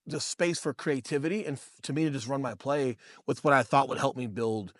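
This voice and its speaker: A man in his thirties, a real estate agent who co-hosts a podcast, tells stories in a casual, profane chat and calls listeners bro and dude. His voice is medium-pitched with fairly even intonation and a slightly fast pace, recorded dry with clean studio sound.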